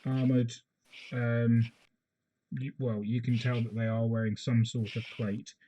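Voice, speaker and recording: Halting game master. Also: male voice, medium pitch, level tone, mellow, lo-fi sound, a little hiss or hum. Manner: halting, filler-heavy. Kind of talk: narrating a tabletop game. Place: home, online session.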